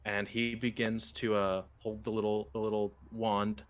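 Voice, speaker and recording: Male game master, lower voice, halting narration full of fillers. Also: little pitch movement.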